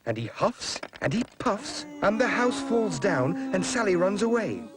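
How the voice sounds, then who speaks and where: A man gently narrating a children's storybook. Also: high voice, sing-song, a little slow, loud music behind the voice.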